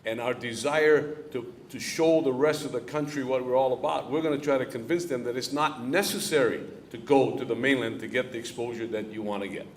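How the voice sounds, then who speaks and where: There's a little hiss or hum behind this medium-pitched man, a middle-aged head football coach at a club luncheon. He responds to audience questions plainly, in a coach's rhythm, restating key lines for emphasis, in an event hall with a live audience.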